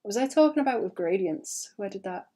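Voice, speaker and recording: A British woman chats loosely on a live art stream, wandering from thought to thought and laughing at herself. She talks to her viewers one moment and mutters quietly over her canvas the next, in an easy mid-range voice. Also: mid-range voice, expressive, a little fast. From Britain. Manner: rambling, self-mocking, often trails off to mutter. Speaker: streaming artist. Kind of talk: casual stream chat while drawing.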